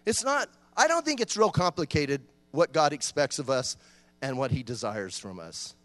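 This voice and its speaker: A man preaching a sermon in an animated, joking way, acting out short voices and talking back and forth with the congregation. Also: fairly high pitch, normal speed, no echo, in a large hall, faint music behind. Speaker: pastor.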